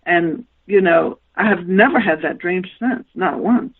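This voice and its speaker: A woman's voice: fairly low pitch, unhurried, slightly rough, phone-quality sound. A woman guest author telling anecdotes in a radio interview and acting out the dialogue she quotes. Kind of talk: storytelling interview.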